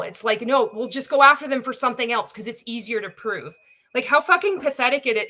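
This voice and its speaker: A woman's voice: a little high, bright, forceful tone. A woman content creator delivering an angry, sweary, sarcastic rant to camera. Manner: angry, sweary, sarcastic, mock-quoting others. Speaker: anti-MLM content creator.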